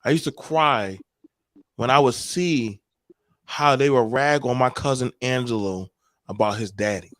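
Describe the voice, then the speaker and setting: A man telling stories on a podcast, emphatic and animated, with plenty of profanity. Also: medium pitch, a little slow, dry recording. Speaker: podcast co-host. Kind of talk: casual podcast discussion.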